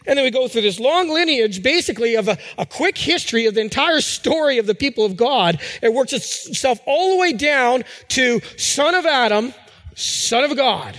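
High-voiced preacher in a reverberant hall. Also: male voice, animated, normal speed, a bit bright. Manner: conversational preaching with fillers and restarts. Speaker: pastor. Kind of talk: sermon.

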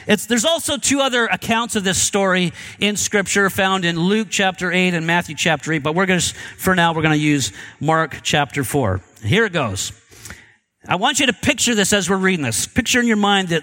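A man's voice: sits high, bright, forceful tone. A man preaching a sermon in a casual, chatty way, asking his audience questions. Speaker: pastor.

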